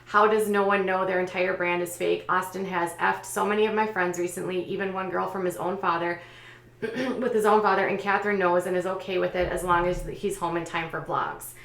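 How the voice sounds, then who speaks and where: A woman host recounting online gossip and reading out posts, in a conversational way with frequent pauses and fillers. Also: fairly low pitch, fairly even intonation, gravelly, fairly bright tone, reverberant. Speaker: commentary channel host.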